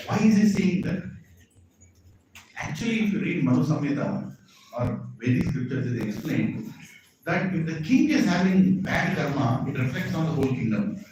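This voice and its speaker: Guy preaching a story, voice a bit high, far from the mic, faint hiss. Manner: animated storytelling, frequent asides to audience. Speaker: spiritual speaker. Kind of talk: sermon storytelling. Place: large hall at a community event. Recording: echoey hall, voice far from mic, faint noise.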